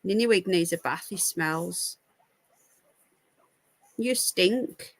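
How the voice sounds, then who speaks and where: A British woman hosting a casual live stream coos baby talk to her pets. Her voice is lowish and slow.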